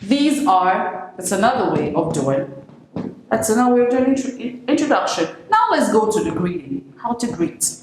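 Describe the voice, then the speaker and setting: Woman, English teacher, animated, demonstrative, classroom, booming echo. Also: moderate pace. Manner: animated, acts out greetings with big pitch swings. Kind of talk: classroom lesson. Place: echoey classroom. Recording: very echoey room with steady noise.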